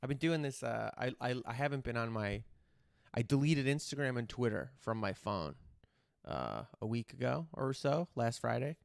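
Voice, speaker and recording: A man's voice: medium pitch, lively intonation, normal speed, gravelly, clear, resonant tone, dry recording, studio quality. A man hosting a podcast, chatting in a rambling, candid way and swearing casually. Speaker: podcast host. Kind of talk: casual chat.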